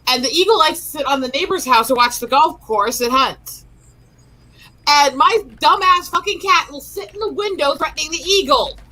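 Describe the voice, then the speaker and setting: A woman chats casually as co-host of a laid-back stream. Her voice sits a bit high and rings bright and forward. She rambles from one pet anecdote to the next, backing up and restarting her sentences as she goes. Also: normal speed, rough recording. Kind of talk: casual chat.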